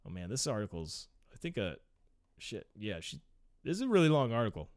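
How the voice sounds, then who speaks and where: Young man, smooth clear voice, casual read-aloud, rambling profane asides, laughs a lot, dry close sound. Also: on the low side, sing-song, a little fast, no room sound. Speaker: vlogger reading an article aloud. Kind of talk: casual reading with commentary.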